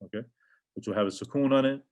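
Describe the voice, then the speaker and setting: A man's voice: medium pitch, fast, a little mellow. Patient man teaching Arabic grammar. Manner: patient, repeats words, reads Arabic sentences aloud then translates. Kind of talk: casual grammar lesson explaining textbook examples.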